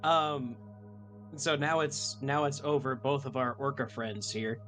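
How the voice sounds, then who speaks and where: Young guy player, ums a lot, figures out his turn out loud, mid voice, quiet music behind. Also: medium pitch, fairly even intonation, a little slow. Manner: hesitant, thinks aloud with many ums and restarts. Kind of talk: casual chat at a tabletop game.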